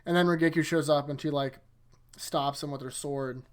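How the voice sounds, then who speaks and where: With a slightly high, steady voice at normal speed, a man hosts an anime rewatch. His recaps ramble and trip along, full of self-corrections and frequent chuckles.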